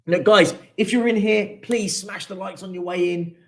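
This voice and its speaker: A young man vents on a live football fan show, his voice sitting a little higher than most men's. He hammers the same points again and again, fed up and wound up, and breaks off to sigh between bursts of anger. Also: gravelly. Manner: frustrated, venting, repetitive emphasis. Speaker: football fan channel host. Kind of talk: live post-match reaction rant.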